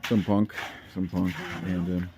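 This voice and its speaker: A man's voice: deep voice, little pitch movement, unhurried, background noise. A man chatting casually as a vlogger, rambling and hesitant, with many fillers and repeated words.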